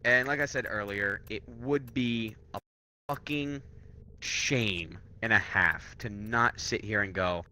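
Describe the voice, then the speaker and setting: Rowdy man with a bright, lowish voice. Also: takes it slowly. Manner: crude, rowdy joking with sudden outbursts. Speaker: gaming co-host. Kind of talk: casual gaming commentary.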